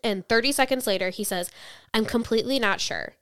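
Podcast co-host, woman, smooth clear voice, dry close mic, chatty true-crime storyteller. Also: on the high side, brisk, no echo. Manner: chatty, reads quotes flatly then reacts.

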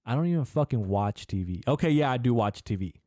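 A young man hosting a solo podcast, rambling and meandering in a casual, profane way and talking things through out loud. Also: medium pitch, lively intonation, quick pace, no echo, clean studio sound. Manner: profane, meandering, talks to himself. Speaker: podcast host.

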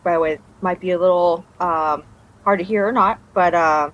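A woman's voice: on the low side, steady tone, normal speed. A woman guest telling her personal story in a casual interview, meandering with trailing restarts. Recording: dull lo-fi recording.

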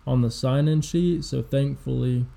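A man in his twenties co-hosting a podcast, telling a long story in casual, profane chat with plenty of fillers, at low energy. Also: measured pace, vocal fry, dark tone. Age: 20s. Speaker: podcast co-host.

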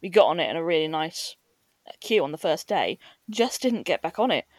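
A woman hosting a podcast, chatting casually with quick asides and frequent laughs. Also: deep voice, big pitch swings, darkish tone, no echo. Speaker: podcast host. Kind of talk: casual chat.

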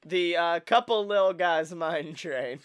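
A man's voice: on the high side, unhurried, smooth. A man hosting a casual podcast chat, joking and riffing with profanity. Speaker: podcast host.

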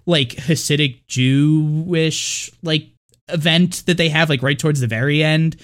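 A man's voice: on the high side, fairly even intonation, unhurried, fairly bright tone. Rambling man in casual movie chat. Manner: rambling, filler-heavy, does mocking character voices. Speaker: podcast co-host.

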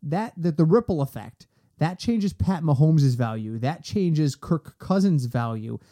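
A man hosting a sports podcast in casual chat, animated and ranting in quick bursts. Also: a little high. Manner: animated, talks fast in bursts and rants.

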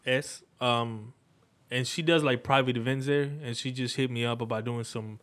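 A man from Mexico talks loosely as an interview guest, full of slang, cursing and false starts. His pitch sits in an ordinary middle range for a man, and he wanders from point to point in a relaxed, conversational way. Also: normal speed. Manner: slangy, profane, rambling with restarts. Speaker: guest, shop owner and cook. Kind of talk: casual interview chat.

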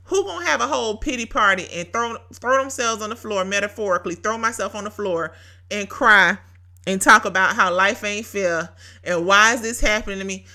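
A woman hosting a casual devotional talk, telling a story in an animated way with frequent laughter and emphatic repetition. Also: mid-range voice, a little fast. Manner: emphatic, repeats key phrases. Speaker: podcast host.

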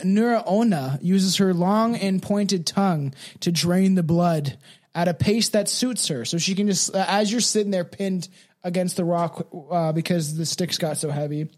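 A man's voice: high voice, normal speed, darkish tone. A man co-hosting a casual chat show, reading folklore aloud, laid-back and swearing freely. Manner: laid-back, swears often, laughs a lot. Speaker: podcast co-host reading folklore.

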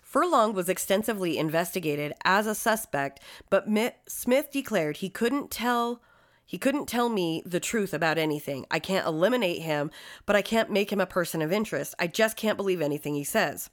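A woman's voice: lowish voice, lively intonation, moderate pace. A woman co-hosting a true-crime podcast, reading case details and then riffing with blunt, swearing asides. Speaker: podcast co-host.

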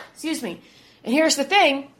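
A woman's voice: high voice, expressive, a little slow, noisy background. A woman in her thirties hosting an opinionated commentary podcast, talking in an indignant, emphatic way and repeating words for stress. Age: 30s. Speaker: podcast host.

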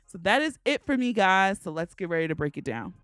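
A woman's voice: mid-range voice, sing-song, brisk, music in the background. A woman with a Baltimore accent hosting her podcast, chatty and frank, laughing often. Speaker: podcast host. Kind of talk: casual podcast chat.

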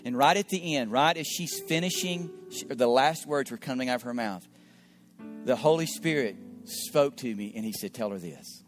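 Middle-aged pastor guy preaching, earnest, repeats himself, soft guitar faintly behind. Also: medium pitch, animated, normal speed. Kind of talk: sermon storytelling. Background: faint guitar music.

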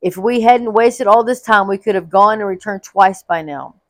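A woman's voice: mid-range voice, moderate pace, dry recording, natural voice. A woman voicing an earnest grown son who pledges to take responsibility, firm and insistent, as she reads a Bible story aloud.

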